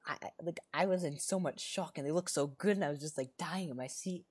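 Podcast co-host, casual chat, excitable, rambling, lots of fillers and restarts. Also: mid-range voice, fairly quick.

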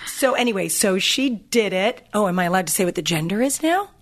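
A woman hosting a podcast, chatting casually and telling animated, gushing stories. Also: mid-range voice, a little fast. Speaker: podcast host. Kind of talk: casual chat with ad read.

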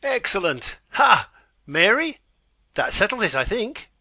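A man's voice: high voice, sing-song, unhurried, sharp tone, no room sound, full character voice. A man playing a pompous blustering old lord. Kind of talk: amateur audiobook drama reading.

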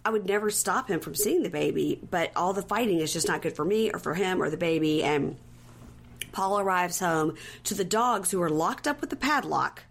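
A woman's voice: fairly low pitch, normal speed, gravelly, a little hiss or hum. Woman retelling scenes in chatty recap. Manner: animated retelling with acted-out quotes. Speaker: podcast co-host. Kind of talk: casual recap chat.

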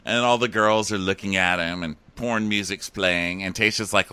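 A man co-hosting a comedic recap podcast, playful and quick to mimic others. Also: sits low, fairly even intonation, sharp tone, clear, resonant tone, no room sound. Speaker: podcast co-host.

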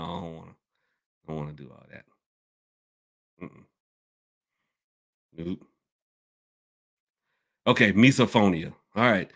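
A man hosting a casual podcast Q&A, rambling and animated, swinging between loud outbursts and low mutters. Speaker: podcast host. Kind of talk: casual live Q&A chat.

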